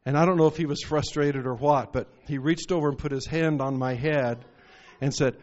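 Preacher, male, somewhat high-pitched, building to fervent peaks, heard through a muffled, lo-fi recording. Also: steady tone, moderate pace, darkish tone. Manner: storytelling with rising, emphatic bursts. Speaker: pastor. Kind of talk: sermon.

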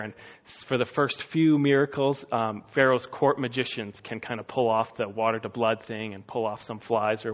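A man's voice: medium pitch, highs cut off. A man preaching a sermon in a casual, conversational way, now and then acting out quotes in funny voices. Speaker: pastor.

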